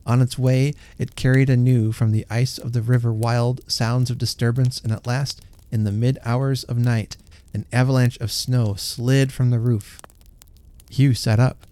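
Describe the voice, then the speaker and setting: Gentle man reading a story aloud. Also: mid-range voice, flat delivery, measured pace.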